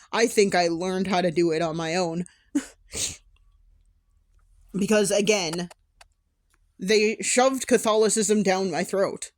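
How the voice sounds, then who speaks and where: A woman's voice: medium pitch, a little mellow. A young adult woman talking candidly in a personal vlog, emotional, with sighs and restarts. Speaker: vlogger.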